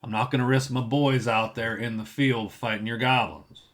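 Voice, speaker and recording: A lazy guard captain, as a man puts him on, drawls in a rough Southern accent. He sounds leaned back and unbothered, brushing off other people's problems in a mid-pitched voice. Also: steady tone, moderate pace, fairly bright tone, natural voice. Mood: dismissive. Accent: put-on Southern US drawl. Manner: laid-back, dismissive drawl.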